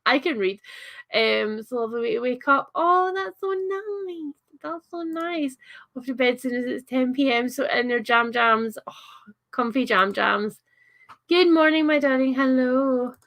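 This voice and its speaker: A young Scottish woman hosts a relaxed livestream, chatting and answering comments as she goes. Her voice sits a little on the high side. She rambles freely, full of ums, asides and little laughs. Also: normal speed. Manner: chatty, giggly, lots of fillers and asides. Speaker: livestream host. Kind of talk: casual livestream chat, reading comments.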